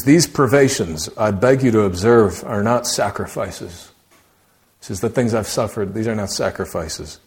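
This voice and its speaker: Man preaching with rhetorical questions. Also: a little mellow. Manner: conversational preaching, rhetorical questions, voice drops low for emphasis. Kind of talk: sermon.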